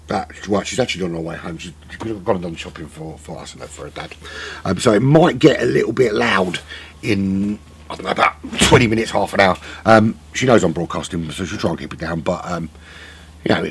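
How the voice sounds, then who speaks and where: This deep, husky-voiced middle-aged man is filling time on a live sim racing broadcast. His commentary wanders, padded out with self-mocking waffle.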